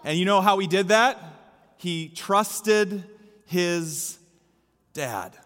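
In a church sanctuary whose echoey hall gives long reverb, a male pastor preaches a sermon. His voice is high and a bit bright, and he draws out his words, emphasizing and repeating his key lines.

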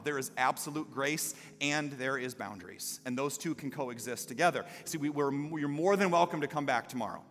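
A man preaching a sermon as a pastor, moving from storytelling to loud, impassioned calls to the congregation. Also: mid-range voice, brisk, few pauses. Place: church sanctuary. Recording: live hall reverb with faint music.

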